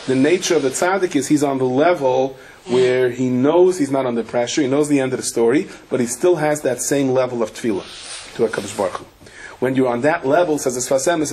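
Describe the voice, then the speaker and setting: A man giving a Torah lecture as a rabbi, telling stories with lively acted-out voices and sprinkling Yiddish and Hebrew terms. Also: medium pitch, a little hiss or hum. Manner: animated storyteller acting out characters, with Yiddish and Hebrew terms.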